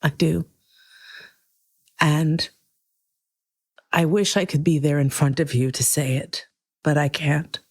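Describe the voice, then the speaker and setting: A middle-aged woman hosting her own podcast, talking earnestly and emotionally, swearing freely, in slow, deliberate phrases. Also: deep voice, steady tone, slightly rough. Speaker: podcast host. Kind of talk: heartfelt solo podcast monologue.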